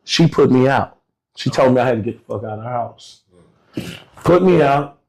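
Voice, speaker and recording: A man's voice: mid-range voice, moderate pace. A man talking as a podcast guest, telling a story casually in slangy, direct speech and acting out the other people in it. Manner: animated, acts out voices of people in his stories; slangy, direct address to listeners.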